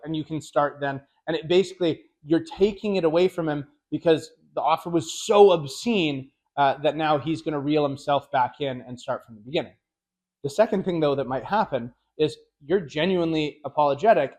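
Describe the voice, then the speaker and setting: A middle-aged man with a slightly raised pitch teaches car sales in a casual, lively way. He tells stories and acts out dealership dialogue as he goes. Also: brisk. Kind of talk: casual instructional talk.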